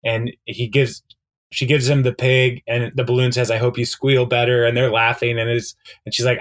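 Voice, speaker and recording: A man's voice: medium pitch, level tone, moderate pace, fairly bright tone. Rambling man recapping an episode. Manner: rambling, many fillers, retells scenes with quoted lines. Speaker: podcast co-host. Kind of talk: casual chat recapping a TV episode.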